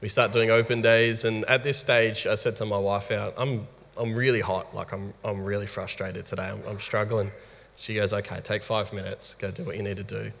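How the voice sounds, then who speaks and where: This is an Australian man in his thirties sharing a candid story about being a father. He tells it with lively energy and frequent laughter. His voice sits a touch low, and a long room reverb trails behind it. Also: normal speed, creaky. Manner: lively, animated storyteller who laughs often. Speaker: guest father.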